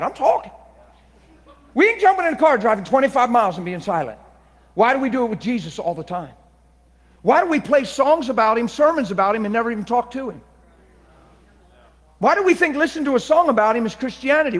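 A man preaching a testimony sermon, moving between hushed confiding and loud, excited preaching. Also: very high voice. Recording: long reverberant hall.

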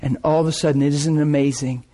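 Excitable preacher man telling a story. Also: fairly high pitch, fast talker. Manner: excited storytelling, laughing and repeating himself. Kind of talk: sermon with testimony storytelling.

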